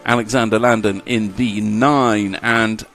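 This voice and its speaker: A man's voice: fairly low pitch, steady tone, measured pace, a bit bright, faint music behind. A man commentating a live model car race, chatty and jokey, reading out lap times.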